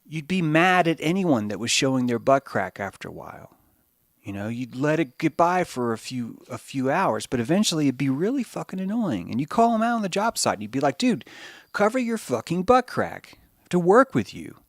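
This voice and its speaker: A man riffs through a podcast monologue, his pitch leaping up and down as he rambles and curses. The sound is dry and close, with no room around him. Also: a little fast, dry recording. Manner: profane, animated and rambling. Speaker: podcast host. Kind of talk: monologue commentary.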